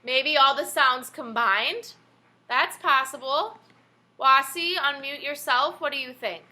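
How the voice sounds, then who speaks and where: Reading aloud to young children in a video-call class, this woman teacher stays patient and encouraging and keeps asking questions. She speaks slowly, in a voice that sits high, bright and forceful.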